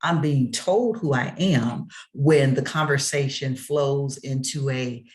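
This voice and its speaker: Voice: mid-range voice, takes it slowly. A motivational speaker in a preacher-like style, emphatic and rhythmic, repeating key phrases as refrains and calling out to the listeners. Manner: rhetorical, calls out to listeners.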